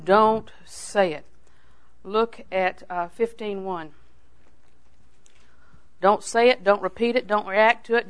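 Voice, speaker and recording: An older woman delivers a sermon in a homespun, storytelling way. She punches key phrases loudly, then drops into near-hushed asides. She has the easy manner of a longtime Bible teacher. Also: medium pitch, clear, resonant tone. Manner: folksy and animated, swings from loud emphasis to hushed asides.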